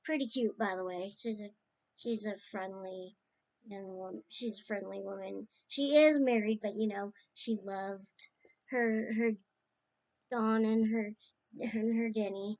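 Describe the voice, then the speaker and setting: Slow, rambling woman sharing fond memories. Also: mid-range voice, fairly even intonation, a little mellow. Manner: rambling and tender, drifting between stories. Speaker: niece sharing memories of her late uncle. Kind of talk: casual spoken remembrance.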